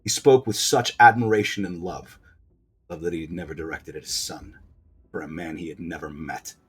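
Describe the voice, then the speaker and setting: A man voicing a wounded, bitter young prince in a video game, speaking low and hushed. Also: normal speed, a little hiss or hum, natural voice.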